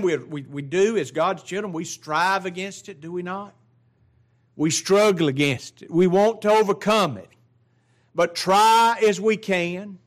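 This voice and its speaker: A man preaching a sermon as pastor, drawing out quoted scripture and rising in emphasis on key points. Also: high-pitched.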